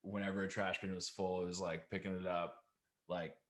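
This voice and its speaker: Low-voiced young man telling a loose story. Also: flat delivery, fairly quick. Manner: loose, filler-heavy storytelling. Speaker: guest musician. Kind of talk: casual chat.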